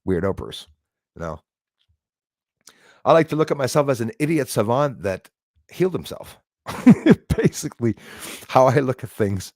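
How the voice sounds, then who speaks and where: A man's voice: mid-range voice, very animated, moderate pace, long pauses, a little mellow, dry recording, clean studio sound. A man hosting a live stream in a casual way. He rambles emphatically, with many fillers, and reads out chat comments.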